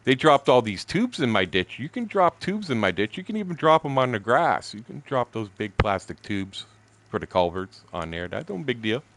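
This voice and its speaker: A man's voice: medium pitch, sing-song, moderate pace, noisy background. Blunt, foul-mouthed man in his sixties. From Canada. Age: 60s. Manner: profane, blunt, laughing storyteller. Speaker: streamer telling a story. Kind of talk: casual storytelling chat.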